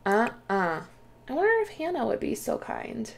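A woman's voice: high voice, very animated, a little slow, gravelly, a little hiss or hum. A woman hosting a let's play, chatting casually through her gameplay, often exclaiming and talking to the characters on screen.

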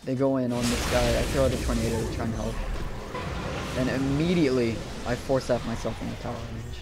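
A man's voice: mid-range voice, fairly even intonation, brisk, gravelly, very noisy. A man giving casual, profane commentary over a replay of his own game. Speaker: gameplay commentator.

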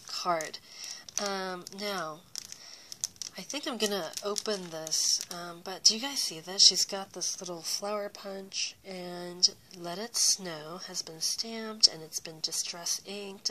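A woman's voice: medium pitch, noisy background. A young woman casually chatting to her viewers as she unboxes handmade craft gifts, full of fillers and gushing over the details. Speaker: craft YouTuber.

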